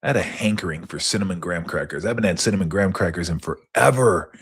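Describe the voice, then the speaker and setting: A middle-aged man hosting a sports talk show, rambling casually and cursing, sometimes acting out people in high mocking voices. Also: fast talker, breathy edge. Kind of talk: casual solo rambling recap.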